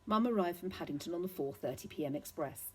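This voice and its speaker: Give me a woman reading a children's novel, low and mellow, a touch husky. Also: expressive, fast talker, poor audio. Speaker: reader.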